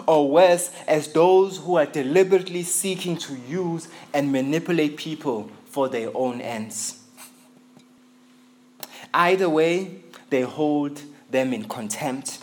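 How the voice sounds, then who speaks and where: A man from Africa, preaching a sermon as a visiting pastor in an earnest, emphatic way, repeating key phrases for stress. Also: on the high side. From South Africa. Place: church in England.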